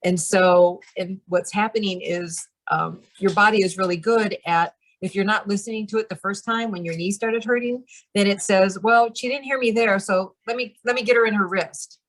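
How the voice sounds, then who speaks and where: A woman's voice: mid-range voice, normal speed. A chatty woman with a mid-range voice talks loosely with her group, walking them through a practice one step at a time. She peppers her speech with fillers and laughs often. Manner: chatty, lots of "like" and "you know", laughs often; explains step by step. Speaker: member of a channeling practice group. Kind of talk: casual group chat.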